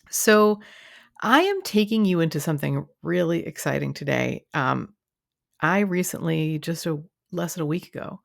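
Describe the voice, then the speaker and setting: Low, gravelly-voiced woman podcast host. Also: dry recording, studio quality. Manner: chatty, rambling, with many fillers and restarts. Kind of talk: casual solo podcast monologue.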